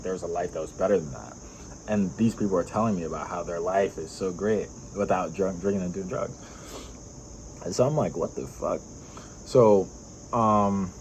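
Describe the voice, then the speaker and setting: A man's voice: sits low, darkish tone, slight background noise, poor audio. A young man vlogging, telling a personal story in a rambling way, full of fillers and laughs.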